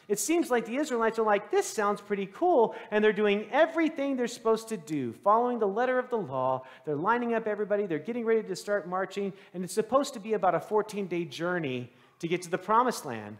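A male pastor with a high voice delivers a chatty sermon, tossing questions out to the congregation and slipping into the voices of the people in his story. His words ring out with a long reverb in a church sanctuary. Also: very animated, a little fast, hardly any pauses, fairly bright tone. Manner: conversational, quizzes the congregation; acts out quoted voices.

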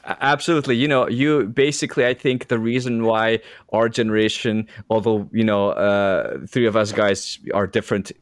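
A man with a fairly low voice co-hosts a podcast, asking meandering, halting questions. The sound is dry and close, with no room echo. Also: fairly even intonation. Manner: rambling, many fillers and restarts. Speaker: podcast co-host. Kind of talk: interview conversation.

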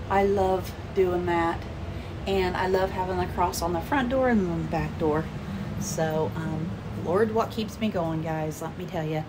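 Rambling woman filming a casual home vlog on a handheld camera, with a clear hiss of noise behind her; she slips into whispers now and then. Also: on the high side. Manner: chatty, rambling, many "um"s; drops to a whisper at times. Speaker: vlogger. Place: at home, inside and in the yard.

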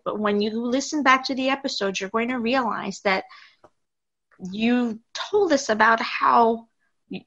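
A woman's voice: medium pitch, a bit bright. A woman from New York hosting a podcast interview, with a New York accent, giggly and rambling as she wraps up the episode. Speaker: podcast host. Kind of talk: casual interview wrap-up. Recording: slightly dull lo-fi audio.

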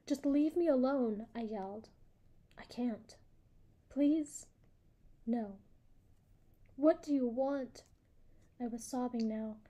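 Woman, audiobook narration, first person, flat pitch line, very mellow tone, somewhat high voice. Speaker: audiobook reader.

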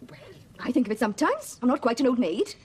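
A down-to-earth, sensible woman answers quickly and plainly in a fairly high voice with lively inflection. She sounds frank and grounded. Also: a little hiss or hum. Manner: plain, matter-of-fact. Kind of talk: 1970s TV period drama acting.

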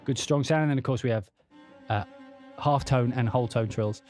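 A man's voice: mid-range voice, normal speed, loud music behind the voice. A man casually walking through a sample library on a livestream, rambling and humming rhythms aloud as he plays at his keyboard. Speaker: composer demonstrating a sample library. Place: home studio at a keyboard.

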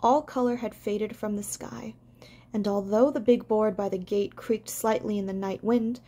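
A woman doing amateur audiobook narration, gentle and unpolished, with small stumbles. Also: mid-range voice, steady tone, normal speed.

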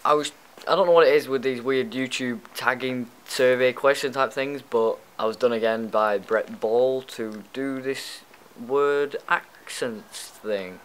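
A man's voice: mid-range voice, unhurried, fairly bright tone, slight background noise, low-quality recording. A young man with a Lancashire accent, chatting casually and bluntly in a vlog, swearing now and then. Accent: northern English, Lancashire. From Lancashire, England. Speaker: YouTube vlogger. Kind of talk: casual chat, doing a tag video.

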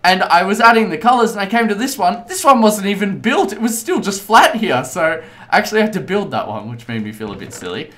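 Lively chatty man narrating gameplay. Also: high-pitched, fairly quick, hardly any pauses. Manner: chatty, rambling, excitable. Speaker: let's play host. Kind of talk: casual gameplay commentary.

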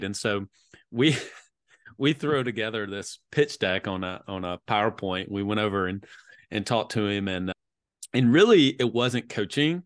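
Low-voiced man telling his story. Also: normal speed, dry recording, studio quality. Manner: relaxed, conversational, with fillers. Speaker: podcast guest, business coach. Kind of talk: interview storytelling.

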